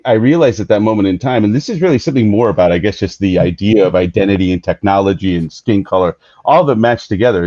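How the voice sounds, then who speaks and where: A man hosting an interview, telling a reflective story in a relaxed way with many fillers. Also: lowish voice, no room sound. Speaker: podcast host. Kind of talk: casual interview chat. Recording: slightly dull, dry sound.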